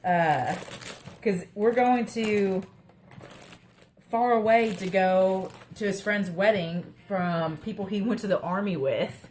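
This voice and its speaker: A woman's voice: mid-range voice, takes it slowly, darkish tone. A young woman, rambling and joking through a casual live craft chat. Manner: rambling, chatty, self-mocking humor. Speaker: craft livestream host. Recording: faint background noise.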